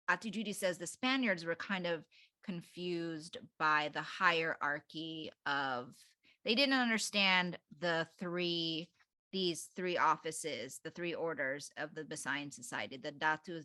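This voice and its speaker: A woman co-hosting a casual book club podcast, her voice bright and somewhat low for a woman. She reads passages aloud with hesitant fillers. The recording is dry and close. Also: no echo. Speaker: podcast co-host.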